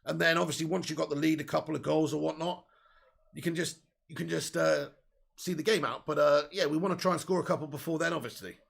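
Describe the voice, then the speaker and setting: Man, live football watch-along host, gravelly voice, fairly high pitch, excitable, swears a lot. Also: quick pace. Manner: excitable, chatty, swears freely, reads chat aloud. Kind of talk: casual live match commentary.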